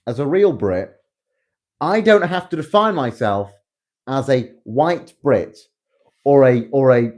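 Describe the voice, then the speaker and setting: Ranting English man, lively voice. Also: medium pitch, takes it slowly, pauses often. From England. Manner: combative, heated, sarcastic. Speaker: online commentator. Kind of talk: ranting monologue.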